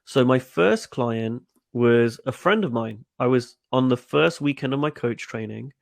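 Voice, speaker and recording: A man's voice: mid-range voice, measured pace, creaky, no echo, clean studio sound. A middle-aged man, a coach, telling stories in a webinar, often repeating words and acting out quoted dialogue. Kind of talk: webinar interview answers.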